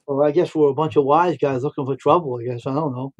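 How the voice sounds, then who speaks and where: A man's voice: fairly high pitch, fairly even intonation, fast talker, a little mellow, lo-fi sound. A middle-aged man hosting a livestream, telling rambling stories and repeating himself. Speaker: livestream host. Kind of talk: casual storytelling.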